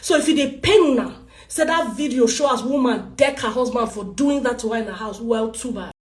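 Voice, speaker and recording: A Nigerian woman speaks in a high, insistent voice, hammering each point home with emphatic anger. Her live-video rant rings out in a noticeably echoey room. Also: a little fast. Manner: angry, forceful, emphatic. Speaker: actress ranting in a live video.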